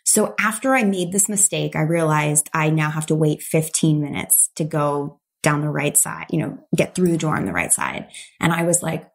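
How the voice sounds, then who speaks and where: A woman's voice: low voice, expressive, moderate pace, vocal fry. A middle-aged woman as a podcast guest, telling a personal story with animation and acting out the voices of the people in it. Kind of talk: storytelling in an interview.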